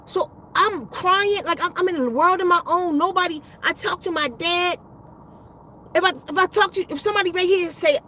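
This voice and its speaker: A woman's voice: extremely high pitch, animated, moderate pace, a bit bright, a little hiss or hum, rough recording. A woman casually telling a rambling personal story, profane and full of slang and restarts. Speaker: spiritual vlogger.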